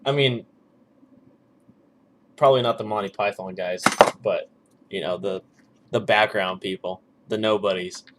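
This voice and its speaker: A young man chatting casually with a friend, relaxed and laughing easily, often trailing off quietly. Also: measured pace, long pauses, heavy background noise. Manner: laid-back, trails off into low mumbles. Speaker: host. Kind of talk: casual chat.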